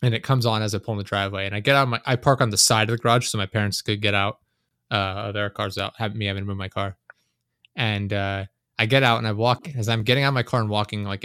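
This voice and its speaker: A man's voice: on the low side, fairly bright tone, dry recording, studio quality. A young man chatting casually as a podcast host, telling long rambling stories, swearing a lot and laughing often. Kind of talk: casual chat.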